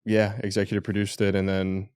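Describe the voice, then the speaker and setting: A man's voice: lowish voice, monotone, a little fast, darkish tone, smooth, no room sound, studio quality. A young man from Canada, a comedian guest, joking in a laid-back interview chat.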